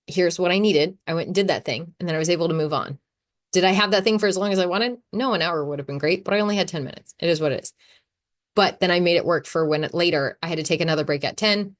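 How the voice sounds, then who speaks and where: A woman in her thirties hosting a casual solo podcast, talking in a chatty, animated way and laughing often. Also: on the low side, fast. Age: 30s. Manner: chatty, animated, acts out her own quotes. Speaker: podcast host.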